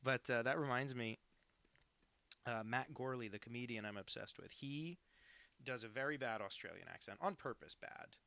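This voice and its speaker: A man's voice: medium pitch, normal speed, creaky, sharp tone. An American man in his twenties, a cartoonist chatting casually on a live stream while drawing, rambling and self-deprecating. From United States.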